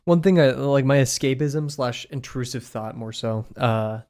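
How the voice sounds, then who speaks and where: Easygoing male streamer, mid-pitched, rambles and laughs while he draws. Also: unhurried, a little mellow. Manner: rambling, laughs often, many fillers. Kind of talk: casual chat while drawing.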